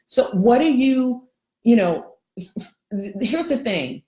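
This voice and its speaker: A middle-aged woman giving an animated live coaching talk, greeting viewers by name. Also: on the high side, slow, reverberant. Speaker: life coach.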